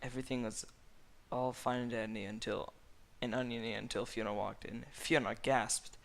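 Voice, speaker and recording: A man narrating a comic fan-fiction reading in a deadpan way, stumbling over words. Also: mid-range voice, normal speed, vocal fry.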